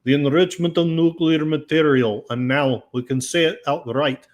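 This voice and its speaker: A man's voice: on the high side, fairly even intonation, moderate pace, dull audio, lightly acted. A man putting on a mock Russian official. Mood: ominous. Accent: put-on Russian.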